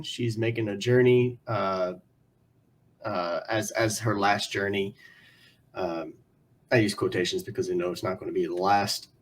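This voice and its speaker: Man, podcast co-host, casual chat, hesitant, lots of ums. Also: on the low side. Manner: hesitant, many ums and uhs.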